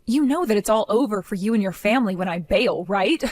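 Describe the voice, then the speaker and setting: A woman voicing a defiant, mocking young daughter-in-law in an animated story, speaking in a sarcastic way. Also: medium pitch, a little fast, dry recording, close to an everyday voice. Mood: cold. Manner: sarcastic, mocking, laughs often.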